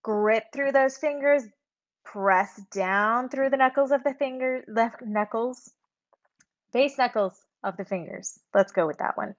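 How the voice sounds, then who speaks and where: A woman with a fairly high voice leads a yoga class, talking calmly and casually through each pose and breath. The sound is a little muffled and lo-fi. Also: unhurried. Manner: calm, conversational, with breathy demonstration sounds. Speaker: yoga instructor. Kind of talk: guided yoga class instruction.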